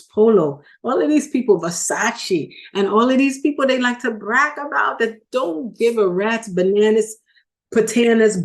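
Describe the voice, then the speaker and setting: A woman's voice: mid-range voice, a little mellow. A woman talking earnestly and emotionally in a casual vlog recorded in her car. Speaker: video host.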